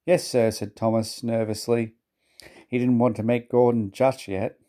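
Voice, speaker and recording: A man narrates a children's storybook in a measured, gentle way. His voice is mellow and dark, pitched in the middle of the range. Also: little pitch movement. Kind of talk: storybook reading aloud.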